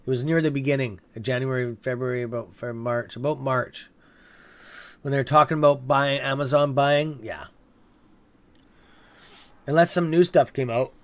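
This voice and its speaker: A man's voice: medium pitch, moderate pace, long pauses. A man hosting a live stock-trading stream, chatting casually, reacting to viewer comments and swearing openly when annoyed. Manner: chatty, reacts aloud to the chat. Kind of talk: casual livestream chat reading viewer comments.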